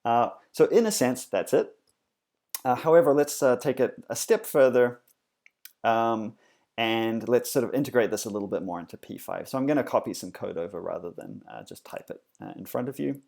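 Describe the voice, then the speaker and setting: A man's voice: mid-range voice, animated, normal speed, gravelly, darkish tone. A man teaching a coding lesson in a casual, explanatory way, with frequent fillers and self-corrections. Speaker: instructor. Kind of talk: screencast coding tutorial.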